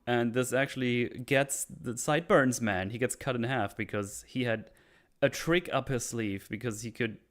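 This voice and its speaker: A man's voice: medium pitch, moderate pace. A man hosting a podcast, casually recapping an anime episode, laughing often and swearing. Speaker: podcast host.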